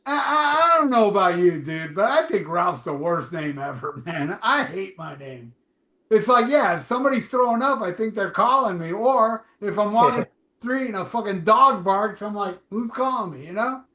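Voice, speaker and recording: Rambling podcast host, man, high bright voice, echoey room. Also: lively intonation, moderate pace. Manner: rambling, profane, jokey. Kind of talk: casual podcast banter.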